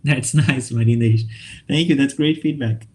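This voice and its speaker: A man from Brazil giving an online talk to English teachers, upbeat and lively, checking in often with his listeners. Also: medium pitch, normal speed. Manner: lively, upbeat, checks in with frequent okay and right.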